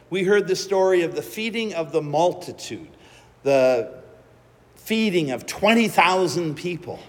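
A man preaching a sermon, telling the story slowly and dramatically with acted-out quotes. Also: on the high side, in a large hall.

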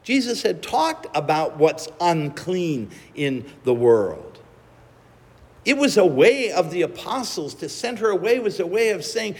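A man preaching a sermon, telling the story slowly and dramatically with acted-out quotes. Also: sits high, very animated, husky, big-room sound.

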